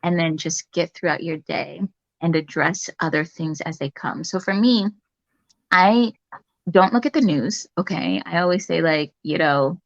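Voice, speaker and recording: A woman who is a nurse, a guest in a casual interview chat, talking in a calm, reflective way with many fillers. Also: sits low, unhurried, creaky, dry recording, muffled recording.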